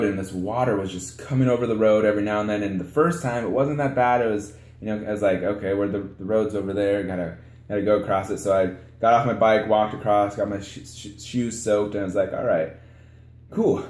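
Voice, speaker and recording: A young man telling a vlog story about a flooded road, animated and acting out his own panicked moments. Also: lowish voice, reverberant.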